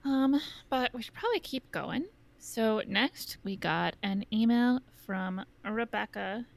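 A woman co-hosting a podcast, talking in a relaxed, casual way and swearing now and then. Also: a little high, slow, vocal fry. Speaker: podcast co-host.

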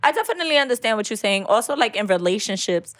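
A woman's voice: mid-range voice, big pitch swings, fast, a bit bright. A woman speaking frankly in a casual group chat, swearing casually. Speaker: panelist.

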